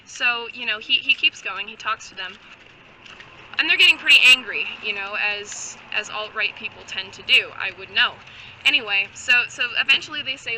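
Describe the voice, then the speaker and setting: A woman improvising a comic story in a rambling, deadpan way, with many restarts and side remarks. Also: a little high, moderate pace, slight background noise, low-quality recording.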